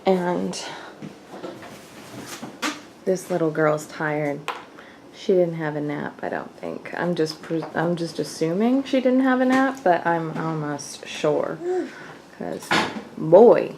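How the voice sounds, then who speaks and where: A woman's voice: fairly low pitch, lively intonation, takes it slowly, noisy background. A young woman chatting casually through her daily vlog in her home kitchen, rambling and laughing often. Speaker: vlogger.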